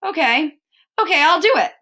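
A woman's voice: high voice, expressive, moderate pace, sharp tone, voice pushed up, exaggerated voice. A woman voicing a bratty young boy in a storybook reading, teasing in a mocking sing-song. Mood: grudging.

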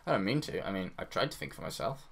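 A man's voice: sits low, big pitch swings, quick pace, a bit bright, voice pushed down, exaggerated voice. A man reading an indecisive young man with a hesitant, pleading delivery.

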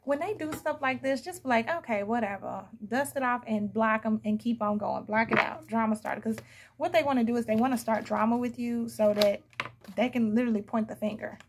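A woman's voice: a little high, brisk, slight background noise. A woman giving a casual, blunt tarot reading, chatting to viewers and laughing often. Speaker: tarot reader.

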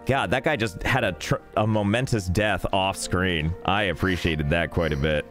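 Young guy streaming a game, kinda low voice, goofy deadpan rambling, faint game music under him. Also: normal speed. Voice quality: jokey, rambling, deadpan asides. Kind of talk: casual gameplay streaming.

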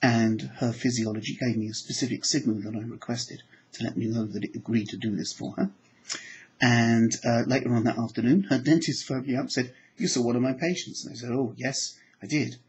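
A man with an ordinary mid-range voice tells stories from his hypnotherapy classes. He shifts between lively anecdote, acting out the people he quotes, and the slow, soothing cadence of trance work. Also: medium pitch, poor audio. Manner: storytelling, acts out quoted dialogue, soft hypnotic phrasing. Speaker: psychology trainer and hypnotherapist. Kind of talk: anecdotal teaching talk.

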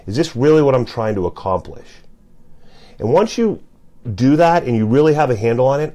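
A man's voice: mid-range voice, mellow. A man giving a casual motivational talk to camera, conversational and full of "you know" and "uh" fillers. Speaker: motivational speaker.

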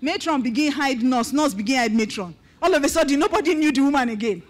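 A middle-aged Nigerian woman pastor giving an animated testimony sermon, mixing in Pidgin asides as she tells her story. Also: sits high, fast talker.

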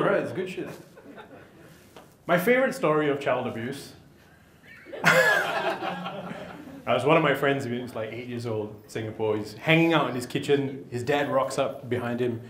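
Lively cheeky male stand-up. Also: mid-range voice. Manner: cheeky, quick asides to the audience. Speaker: stand-up comedian. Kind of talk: stand-up comedy with crowd work. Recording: live crowd in an echoey venue.

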